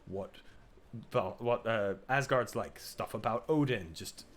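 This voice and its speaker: A man's voice: lowish voice, unhurried. A man co-hosting a casual game podcast, telling the story with energy, cursing freely and acting out the scenes. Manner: animated storyteller, swears, acts out scenes. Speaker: podcast co-host.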